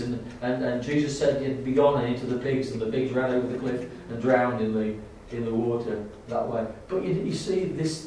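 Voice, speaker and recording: A man preaching a sermon in a church, halting with many restarts and rising to fervent emphasis. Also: medium pitch, warm tone, a little hiss or hum. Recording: echoey church hall, distant mic.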